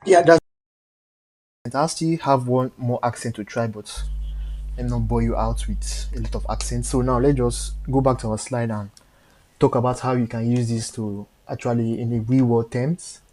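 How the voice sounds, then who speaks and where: A man talks viewers through a coding tutorial on a live stream in a mellow, relaxed tone. His explanation moves haltingly, full of fillers and mid-sentence corrections. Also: medium pitch. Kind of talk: step-by-step coding walkthrough.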